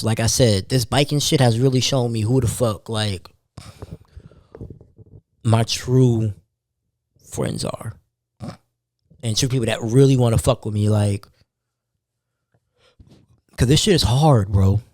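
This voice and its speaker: A man's voice: mid-range voice, measured pace, pauses often, darkish tone, no room sound, studio quality. A tired young man hosting a podcast, talking loosely in street slang. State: tired, yawning. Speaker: podcast host. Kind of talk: casual monologue.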